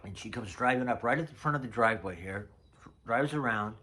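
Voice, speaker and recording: A man's voice: medium pitch, brisk, pushed and bright. A man in his sixties telling rambling, chatty stories about old notes from his past. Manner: chatty storyteller, drifts off mid-thought. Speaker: vlogger. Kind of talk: casual reminiscing vlog.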